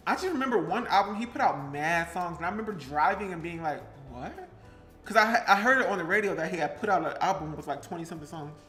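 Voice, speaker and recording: A man's voice: high voice, animated, fast talker, hardly any pauses, bright, forceful tone, soft background music. A man from New Jersey, a vlogger, chatting casually and rambling while he bakes at home. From Pleasantville, New Jersey. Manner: chatty, rambling, breaks into song snippets. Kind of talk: casual live-stream chat while baking. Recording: roomy echo.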